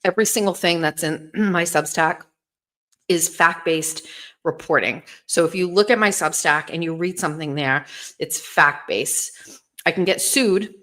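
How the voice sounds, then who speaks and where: Female host, casual stream chat; blunt and profane, rambles, somewhat low voice. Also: unhurried, sharp tone. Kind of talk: casual livestream talk to viewers.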